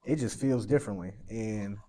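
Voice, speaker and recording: A man's voice: fairly low pitch, moderate pace, mellow. A young man hosting an interview, earnest and rambling, with slangy casual talk. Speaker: podcast host.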